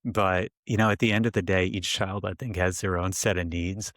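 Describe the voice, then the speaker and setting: A man with a slightly low voice chats loosely about his kids, breaking into laughter between stories. The sound is dry and close, with no room around it. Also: steady tone, moderate pace, fairly bright tone, no room sound. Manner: laughs often while telling stories, loose and chatty. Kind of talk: casual conversation.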